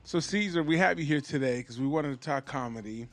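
A man's voice: on the high side, a little fast, faint music behind. A man hosting a podcast, asking his guest questions in a laid-back, casual way. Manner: laid-back, says "bro". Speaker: podcast host.

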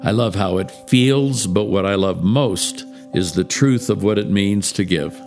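A man preaching a Christmas Eve sermon, telling a story in a slow, measured way with dramatic pauses. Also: fairly low pitch, darkish tone, soft background music. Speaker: pastor.

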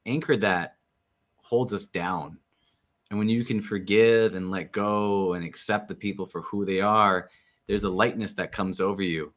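Brief: male podcast host, lowish voice, reflective and affirming. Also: a bit bright. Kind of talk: reflective conversation.

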